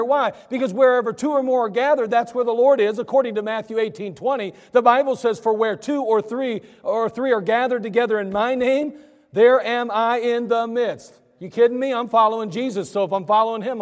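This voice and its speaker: High-voiced preaching man, echoey church. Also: a little fast. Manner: animated preaching, asks and answers his own questions. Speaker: pastor. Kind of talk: sermon. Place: church sanctuary.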